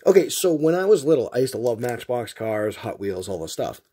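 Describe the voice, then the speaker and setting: A man's voice: mid-range voice, brisk, husky. A middle-aged man hosting a card-opening video, telling a long childhood story between packs with lots of fillers. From Massachusetts. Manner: rambling, animated storyteller with many fillers.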